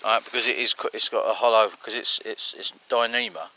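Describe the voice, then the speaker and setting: A man's voice: on the low side, fairly quick, pushed and bright, poor audio. A man in the woods explaining his hammock gear to a friend, earnest and a bit stammering. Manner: earnest, technical, stammering restarts. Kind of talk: casual explaining chat. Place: outdoors in woodland. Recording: outdoor noise behind.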